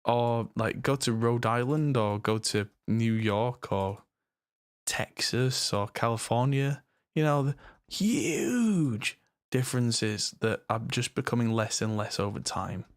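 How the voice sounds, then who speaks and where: Speaking slowly at medium pitch, this northern English streamer talks in a rambling, self-deprecating way as he works on a mix live. The studio-quality recording has no echo, and his English accent comes through.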